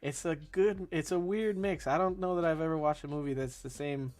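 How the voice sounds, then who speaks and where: A man's voice: fairly high pitch, fairly quick, darkish tone. Easygoing man co-reviewing a movie. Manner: easygoing, rambling, frequent "yeah" and "like". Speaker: guest co-reviewer. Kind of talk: casual movie review chat.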